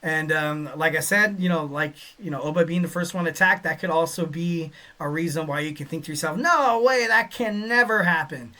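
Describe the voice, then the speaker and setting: Bright-voiced, rambling male podcast host. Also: a little high, a little fast, hardly any pauses. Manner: rambling, filler-heavy, excitable. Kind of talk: casual solo wrestling podcast.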